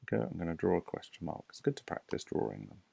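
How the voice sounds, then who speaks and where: A man with a British accent, a primary school teacher giving a recorded lesson to young children, explaining slowly and patiently with questions to the class. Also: deep voice, big pitch swings, mellow, no echo. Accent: British English. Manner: slow, clear, patient explaining with rhetorical questions.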